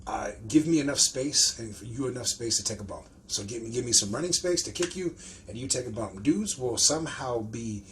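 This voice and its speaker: Man, podcast host, casual storytelling, swears freely, acts out quotes, mid-pitched voice. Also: brisk, slight background noise. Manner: profane, animated storyteller who acts out quotes. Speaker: podcast host and pro wrestler.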